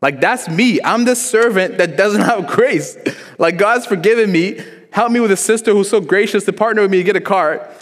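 A man's voice: high voice, moderate pace. A young man preaching a sermon in a church, telling stories casually with lots of "like" fillers. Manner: casual, storytelling, frequent "like" fillers, acts out quotes. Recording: long reverb in a church hall.

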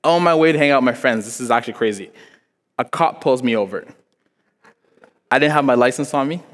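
Young man, preacher, casual storytelling sermon, mid-pitched voice, long church reverb. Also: fairly quick. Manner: casual, storytelling, frequent "like" fillers, acts out quotes.

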